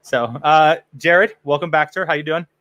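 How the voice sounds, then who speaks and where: A man's voice: a little high, fairly even intonation, normal speed, fairly bright tone, no room sound. Upbeat man hosting a fan podcast. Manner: jokey, rambling with restarts. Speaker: podcast host. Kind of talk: casual chat.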